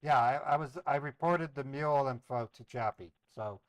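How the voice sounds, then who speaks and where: A man's voice: medium pitch, normal speed, heavy background noise. A man hosting a live scambaiting stream, chatting casually with viewers and playing along eagerly with a scammer on the phone. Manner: playful, chatty, feigns eager excitement to the scammer. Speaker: scambaiting livestream host. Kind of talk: casual livestream chat.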